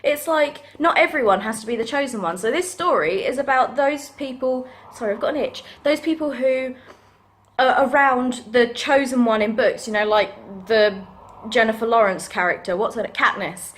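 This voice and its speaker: A young woman chats casually through a book unboxing, her voice sitting a little high. She gushes, giggles and gets carried away with excitement. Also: moderate pace, slight background noise. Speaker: book vlogger.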